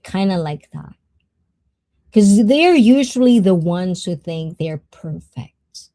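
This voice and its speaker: A woman hosts a casual livestream, talking to her viewers and greeting them as they arrive. Her voice is mellow and unhurried. The sound is close and dry. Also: mid-range voice, dry recording. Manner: chatty, greets chat viewers, mixes in Tagalog words. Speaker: livestream host. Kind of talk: casual livestream talk to chat.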